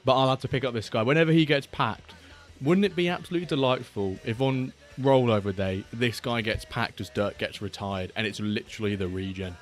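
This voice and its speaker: A man's voice: medium pitch, brisk, few pauses. A man hosting a casual live stream, rambling and reading out viewer messages. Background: faint background music.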